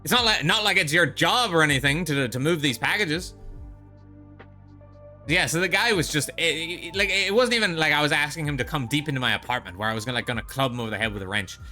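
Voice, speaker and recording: Man, streamer, casual rant, profane, bright tone, faint background music. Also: fairly high pitch, animated, quick pace. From Netherlands. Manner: profane, exasperated, lots of restarts.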